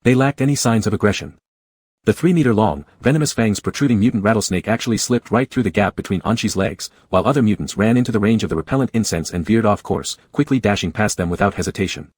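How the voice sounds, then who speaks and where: A man narrating an audiobook in a steady, measured storytelling voice. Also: lowish voice, husky, dry recording. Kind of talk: scripted narration.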